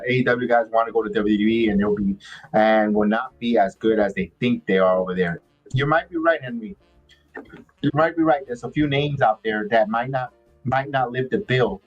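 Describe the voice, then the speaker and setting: A man's voice: mid-range voice, muffled recording, faint music behind. A man hosting a live watch-along, chatting casually and rambling with frequent restarts and fillers. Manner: rambling, halting, many restarts. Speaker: podcast host.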